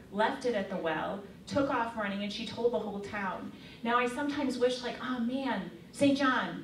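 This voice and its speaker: This is a woman with a medium-pitched voice giving a relaxed faith talk to young women, recounting a story in a chatty style packed with fillers. The room echoes, the microphone sits at a distance, and a little background noise comes through.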